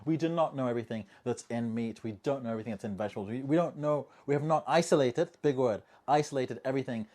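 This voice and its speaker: A man hosting a casual monologue video, chatty and jokey, tossing in rhetorical asides and swinging between quiet remarks and loud bursts. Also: medium pitch, fast talker. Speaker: language-learning video host.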